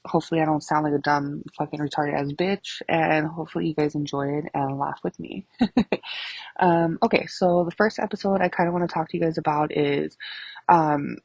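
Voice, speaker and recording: Profane woman in her thirties, gravelly and low. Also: a little fast, dry recording. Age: 30s. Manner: profane, laughing, animated storyteller. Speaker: podcast host. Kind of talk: casual storytelling monologue.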